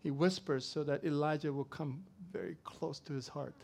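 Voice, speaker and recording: Animated man preaching a sermon. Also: fairly high pitch, normal speed, creaky. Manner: animated preaching with swings from loud to soft. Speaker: pastor.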